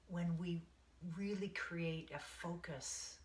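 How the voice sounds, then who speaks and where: A woman meditation teacher leading a guided meditation in a calm, soothing, unhurried way, sometimes dropping to a soft breathy tone. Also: on the low side. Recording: echoey room.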